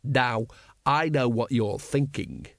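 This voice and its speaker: A hard-bitten middle-aged watch captain, as a male reader puts him on, talking low and unhurried with dry, quiet menace. The storybook voice sits close and dry on the mic, with almost no room around it. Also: animated, dry recording. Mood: quietly menacing. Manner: soft, slow, menacing delivery. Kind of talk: audiobook character voice.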